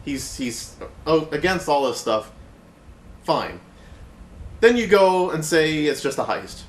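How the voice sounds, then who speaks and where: A man's voice: fairly high pitch, sing-song, takes it slowly. Skeptical man picking apart a plot. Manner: skeptical, arguing point by point. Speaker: movie reviewer. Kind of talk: casual review chat.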